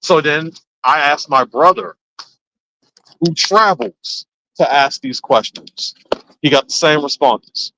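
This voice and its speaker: A man hosting a casual chat, telling stories with animated swings into quoted voices. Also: a little high, slow, dry recording, poor audio. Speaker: host.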